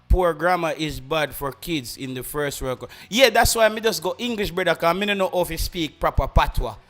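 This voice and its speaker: A young man with a country Jamaican accent talks casually to his listeners. His voice sits fairly high, and he drifts between patois and English, restarting sentences as he goes. Faint music plays underneath. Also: fairly bright tone. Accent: Jamaican rural. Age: young adult. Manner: rambling, mixes patois and English, many restarts. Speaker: podcast host. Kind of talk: casual chat.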